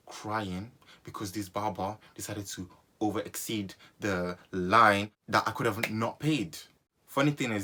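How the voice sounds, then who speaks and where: Low-voiced young man telling a story. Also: slight background noise. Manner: animated, repeats phrases for comic effect. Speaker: vlogger. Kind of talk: storytime vlog.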